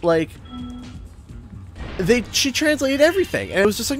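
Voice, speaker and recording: A man's voice: extremely high pitch, moderate pace, pauses often, soft background music. A man streaming a game, telling a story casually and acting out what other people said. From Canada. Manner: animated, acts out other people's lines in changed voices. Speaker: gaming streamer.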